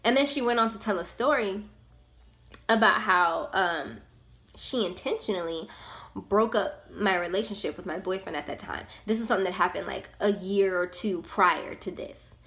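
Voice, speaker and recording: A young woman tells a personal story to her viewers. Her talk is casual, animated and full of slang. Her voice sits at a middle pitch. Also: moderate pace. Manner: animated, slangy and conversational, with many fillers. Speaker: vlogger. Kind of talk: storytime vlog, casual retelling.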